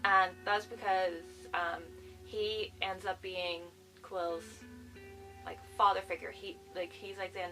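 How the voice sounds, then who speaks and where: A woman's voice: mid-range voice, flat delivery, takes it slowly, bright, forceful tone, recorded from a distance, soft background music, low-quality recording. A woman chatting enthusiastically in a casual movie review vlog, full of fillers like "like.". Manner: gushing, chatty, lots of "like".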